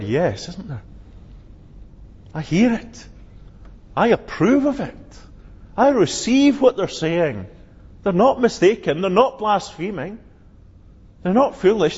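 Male preacher, high husky voice, emphatic sermon, church reverb, dull lo-fi sound. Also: expressive, moderate pace, a little mellow. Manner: earnest, emphatic preaching, rising on quoted cries. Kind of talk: sermon expounding scripture. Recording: lo-fi with long hall reverb.

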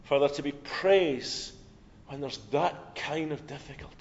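A man preaching a sermon, telling stories with swings from loud, urgent passages to hushed ones. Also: a little high, measured pace. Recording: long hall reverb, dull lo-fi sound.

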